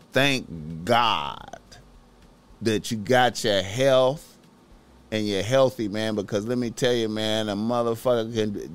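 A man hosting a podcast, talking casually in a slangy, profane, preachy way, repeating himself as he urges listeners. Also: medium pitch. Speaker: podcast host.

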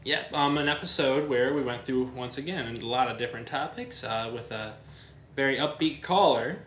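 A man's voice: medium pitch, moderate pace, fairly bright tone, a little hiss or hum. A man hosting a podcast in casual chat, joking and laughing easily. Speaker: podcast host. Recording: echoey room, faint music.

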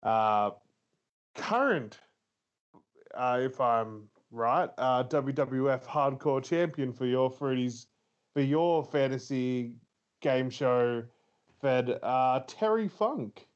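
A man's voice: mid-range voice, expressive, slow pace, highs cut off. A man co-hosting a casual podcast, retelling a movie's plot with lots of fillers and laughs. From Australia. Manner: rambling, laughs often, many fillers. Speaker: podcast co-host. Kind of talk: casual movie review chat.

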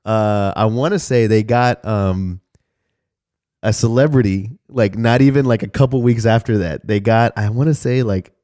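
A young man from Houston, Texas tells a story on a podcast in a low-ish voice at a moderate pace. He's laid-back, swears a lot and loudly acts out voices while chatting casually.

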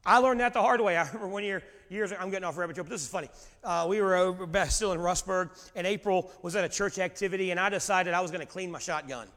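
A middle-aged man preaching a sermon, telling stories with big swings from loud to quiet. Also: high-pitched, quick pace. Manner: animated storytelling, swings from shouting to quiet. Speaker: pastor. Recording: long hall reverb.

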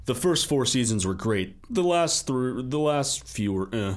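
A man's voice: medium pitch, lively intonation, a little slow. A man co-hosting a casual group podcast, rambling with frequent restarts and acted-out quotes. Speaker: podcast co-host.

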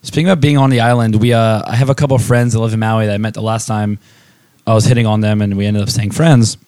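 A man's voice: lowish voice, fast talker, no echo. A man co-hosting a podcast, telling a travel story in casual chat with lots of swearing and restarts. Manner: animated storyteller who swears a lot. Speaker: podcast co-host.

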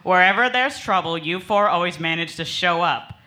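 A woman playing a smug male high school principal. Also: lively intonation, moderate pace, bright, forceful tone. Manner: smug, dismissive, sarcastic. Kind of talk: comedic table read.

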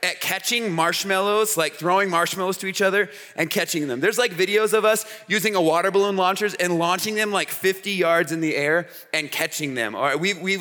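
A man gives a camp sermon in a high, bright voice. He tells stories in an animated way, throwing "okay?" and "all right?" to the crowd. Long reverb hangs around him from the big hall. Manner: animated storytelling with frequent "okay?" asides. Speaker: camp speaker. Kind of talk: youth sermon. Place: large hall with an audience.

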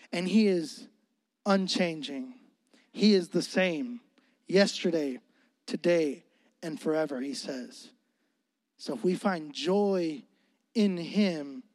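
A young man preaching a sermon as pastor, animated and joking, calling for responses from the congregation. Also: sits high, no echo, long reverb tail.

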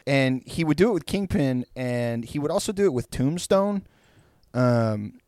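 A man's voice: medium pitch, animated, a little slow, a little mellow, no room sound, clean studio sound. A man telling a long, rambling story in casual chat, full of restarts and "like".

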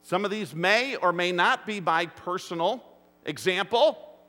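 A man's voice: sits high, a little slow, sharp tone. A man preaching a sermon to his congregation. He tells stories and keeps asking the room rhetorical questions. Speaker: pastor. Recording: long hall reverb.

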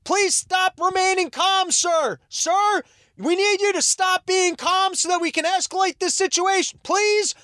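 A sarcastic, mock-polite cop pleads in a strained, high whine, as a man puts him on. The voice sits well above a normal speaking pitch and sounds dry and close. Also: measured pace, bright, forceful tone, no room sound, exaggerated voice.

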